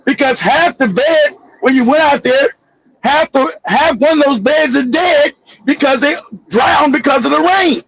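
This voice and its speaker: A man hosting a casual chat, telling a long story in an animated, profane way with many restarts. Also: very high-pitched, moderate pace, creaky, lo-fi sound. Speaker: show host.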